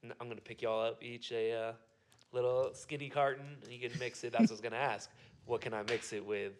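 A man's voice: mid-range voice, flat delivery, fast talker. A man co-hosting a casual podcast chat, loose and full of fillers. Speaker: podcast co-host.

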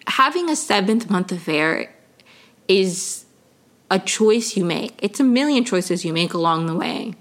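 A young woman hosts her own podcast and rants through casual commentary. She sounds exasperated, swears freely and fills her sentences with likes and ums. Her voice sits in an ordinary middle pitch. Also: unhurried. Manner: exasperated, animated, swears, many fillers. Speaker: podcast host.

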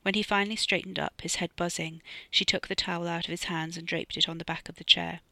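An author reading their own novella aloud as measured, scripted narration. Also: mid-range voice, flat delivery, creaky, bright, forceful tone, no echo. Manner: measured storytelling.

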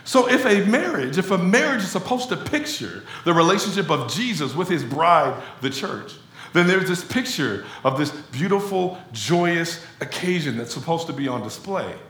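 A man preaching a sermon as pastor, talking to the congregation in an animated, conversational way. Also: a little high, normal speed, echoey room. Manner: animated conversational preaching, addresses crowd as y'all.

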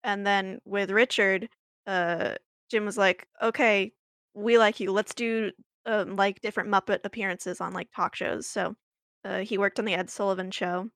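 A woman's voice: mid-range voice, fairly even intonation, moderate pace, fairly bright tone, dry recording, clean studio sound. Chatty woman telling a story. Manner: chatty, laughing, many fillers and restarts. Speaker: podcast co-host. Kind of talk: casual chat, storytelling.

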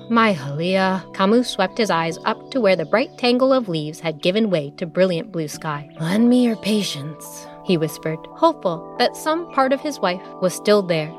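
A woman narrating a children's story in a lively, expressive way, with music behind her. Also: lowish voice.

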